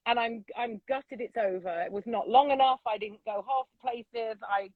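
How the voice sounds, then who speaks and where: Loud, unapologetic woman. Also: a little high, moderate pace, dry recording, phone-quality sound. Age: middle-aged. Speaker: podcast guest. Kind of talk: casual interview chat. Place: vintage bus.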